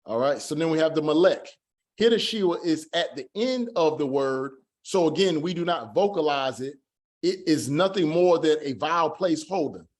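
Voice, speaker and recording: A man teaches a class online in a slightly high voice. He is patient and repeats each word slowly, again and again, to drill its pronunciation. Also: expressive.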